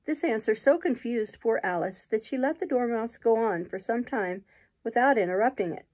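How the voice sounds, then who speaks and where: A woman host reading a children's classic aloud in a gentle, steady storybook narration. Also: on the high side, normal speed.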